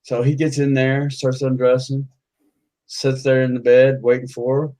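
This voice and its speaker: Man, casual livestream joke teller, rambling, mid pitch. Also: monotone, moderate pace, mellow, poor audio. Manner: casual, rambling, frequent restarts. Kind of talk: telling crude jokes on a livestream.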